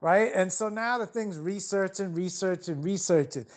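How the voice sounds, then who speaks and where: A man's voice: high voice, normal speed. Rambling, profane man telling stories. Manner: profane, rambling, lots of restarts and fillers. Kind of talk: casual storytelling.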